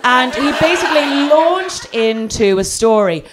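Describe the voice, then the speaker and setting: Lively Irish woman telling a comic story. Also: fairly high pitch, measured pace, background noise. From Ireland. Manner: lively and self-mocking, acts out quoted voices.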